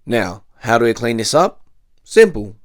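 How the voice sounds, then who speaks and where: A man's voice: medium pitch, very animated, unhurried, dry recording. A married man giving a comedic product review, slipping dry jokes and cheeky innuendo in between the facts. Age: adult, married.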